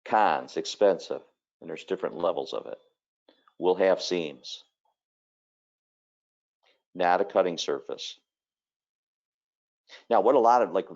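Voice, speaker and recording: A kitchen designer giving a conversational webinar presentation, telling stories with plenty of fillers. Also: male voice, sits low, a little mellow, dull audio.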